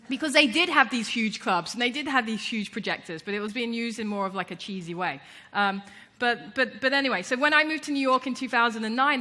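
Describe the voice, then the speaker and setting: A woman's voice: on the high side, sharp tone. A woman artist giving a casual conference talk, chatty and full of fillers and restarts, acting out what people said. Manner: chatty, many fillers and restarts, acts out quotes. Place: conference stage before an audience.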